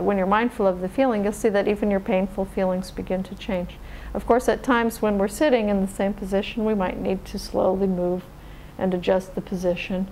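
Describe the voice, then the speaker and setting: A woman meditation teacher giving a dharma talk, explaining in a calm, unhurried way. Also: mid-range voice, slight background noise, rough recording. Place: meditation center hall.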